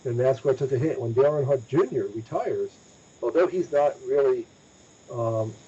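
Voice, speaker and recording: Male podcast host, mellow husky tone, emphatic and repetitive, lo-fi audio. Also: medium pitch, moderate pace. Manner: emphatic, repeats himself for stress. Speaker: motorsports news podcast host. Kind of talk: casual discussion podcast. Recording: dull lo-fi audio.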